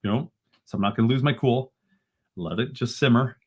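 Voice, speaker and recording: A man, a podcast guest retelling events in an animated, exasperated way and often ending lines with "right?". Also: mid-range voice, brisk, husky. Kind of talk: casual storytelling in a podcast interview.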